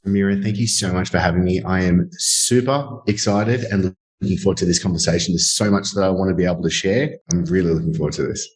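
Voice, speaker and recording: Australian man, deep low voice, earnest and reflective, interview guest, thirties. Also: steady tone, fast talker, poor audio. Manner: earnest, reflective, frequent fillers. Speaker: podcast guest, business owner. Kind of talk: conversational storytelling interview.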